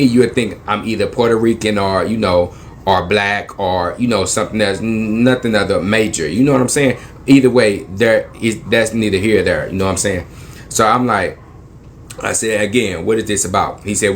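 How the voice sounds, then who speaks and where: A man's voice: lowish voice, slight background noise. A young man from East Saint Louis, Illinois, retelling a tense story in slangy, emphatic speech, acting out both sides of the dialogue and repeating phrases for weight.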